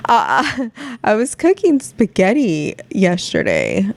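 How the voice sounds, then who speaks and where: A woman with a medium-pitched, darkish voice and vocal fry speaks unhurriedly. Hosting her own podcast, she talks solo to listeners in a candid, rambling way and swears freely.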